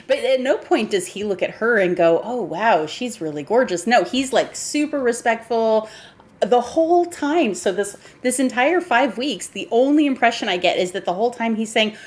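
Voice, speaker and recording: A woman's voice: on the high side, moderate pace. A woman co-hosting a podcast, chatting casually about an old film, laughing often and acting out lines from it. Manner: animated, laughing, acts out quotes. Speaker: podcast co-host.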